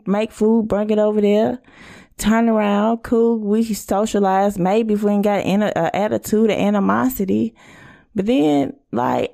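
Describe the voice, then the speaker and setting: A woman's voice: a little high, creaky, warm tone. A woman hosting a casual podcast, blunt and profane, acting out quoted arguments. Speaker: podcast host.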